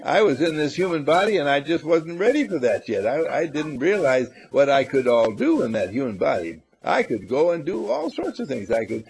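A man voicing a house cat who has just been inside a human body, excitedly listing all he could do. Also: a little high, normal speed, creaky, hardly any pauses, low-quality recording. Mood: eager. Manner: excited, tumbling list of wishes.

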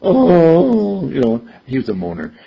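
A man's voice: medium pitch, expressive, moderate pace, darkish tone. An older man giving a conversational talk, telling stories and acting out the people in them, chuckling often. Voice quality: husky, gravelly. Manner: storytelling, acts out quoted voices, chuckles often. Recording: dull lo-fi recording.

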